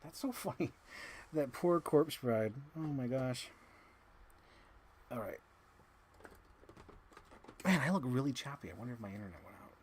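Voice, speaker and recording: A man's voice: medium pitch, lively intonation, normal speed, long pauses, darkish tone. A man with a mid-range voice chats casually on a live stream, rambling and talking to himself as he works. A faint ambient hum sits behind his voice. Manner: rambling, self-talking while arranging things.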